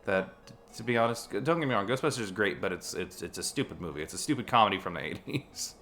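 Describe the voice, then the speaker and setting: A man's voice: lowish voice, animated, fast talker, sharp tone. A man streaming a video game and chatting casually while he plays, rambling and restarting his sentences often. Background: faint game music.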